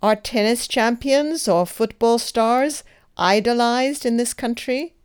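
A woman leading a scripted English grammar drill, enunciating each sentence carefully and pausing for the listener to repeat. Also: fairly high pitch, clear, resonant tone. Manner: careful, deliberate enunciation with pauses for repetition. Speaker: English teacher.

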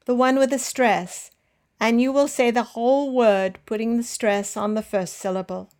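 A woman hosting an English pronunciation podcast, speaking with clear, careful enunciation and leading listen-and-repeat drills. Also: fairly high pitch, a little slow, a little mellow. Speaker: English teacher and podcast host. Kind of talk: slow, deliberate pronunciation lesson.

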